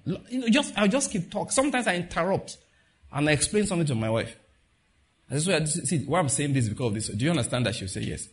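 Animated conversational male preacher. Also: a little high, quick pace. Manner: conversational, laughs while retelling stories, acts out quoted voices. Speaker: pastor. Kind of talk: sermon.

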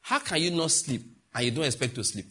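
A middle-aged man from Africa preaching a sermon as a pastor, emphatic and mocking, with sudden loud outbursts. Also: on the high side, animated, a little fast, breathy edge.

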